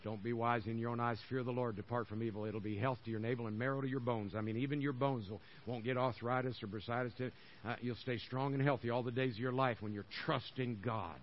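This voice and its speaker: A man's voice: mid-range voice, fairly even intonation, quick pace, highs cut off. An older man preaching a sermon as pastor, folksy and conversational, hammering phrases over and over.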